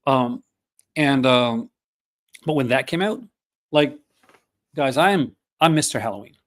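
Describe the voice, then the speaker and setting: A man's voice: medium pitch, a little slow. A man in his fifties hosting a casual chat, rambling with many fillers and restarts. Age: 50s. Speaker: podcast host.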